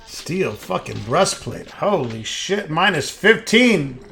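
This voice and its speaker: A man's voice: a little high, very animated, slow, creaky, pushed and bright, a little hiss or hum. A man hosting a game playthrough, reading the text aloud with crude, sarcastic remarks. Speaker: let's play host.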